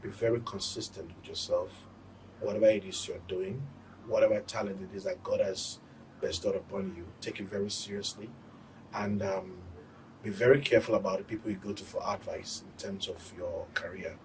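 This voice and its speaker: A young man being interviewed as a guest entertainer, relaxed and quick to laugh, earnest when he gives advice. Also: fairly low pitch. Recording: distant mic, faint ambient noise.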